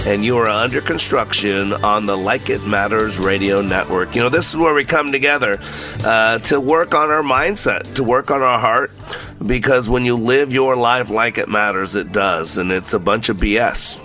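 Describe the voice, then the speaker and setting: Bright-voiced folksy radio host man. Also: lowish voice, moderate pace, faint music behind. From Texas. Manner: energetic, folksy, laughs often, many "uh" fillers. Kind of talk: inspirational radio talk.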